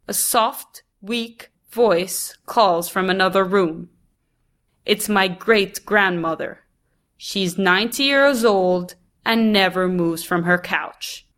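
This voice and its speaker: Woman reading a personal story out loud, really slow and steady. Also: medium pitch. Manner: slow, measured, deliberate reading.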